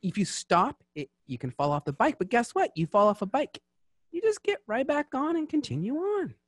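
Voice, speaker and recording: A podcast host with a very high, sing-song voice runs a casual chat show, rambling and digressing and slipping into French. He talks at a normal speed, and the recording is dry with clean studio sound.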